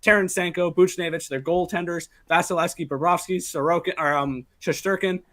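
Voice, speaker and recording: A man co-hosting a casual sports betting show, laying out his hockey bets quickly with many fillers. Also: high voice, steady tone, fairly bright tone.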